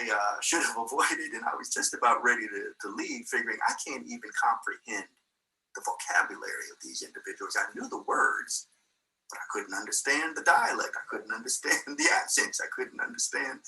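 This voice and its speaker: A man's voice: medium pitch, bright, forceful tone, distant mic, poor audio. An older man giving a motivational talk, telling a personal story with quoted voices and small laughs. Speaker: guest speaker.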